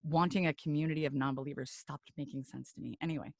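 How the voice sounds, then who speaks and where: A woman co-hosting a podcast in casual chat, playful and quick to laugh. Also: low-pitched, steady tone, vocal fry, a little mellow, no echo, studio quality. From grew up in a small town. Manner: chatty, laughs often, playful asides. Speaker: podcast co-host. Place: San Francisco.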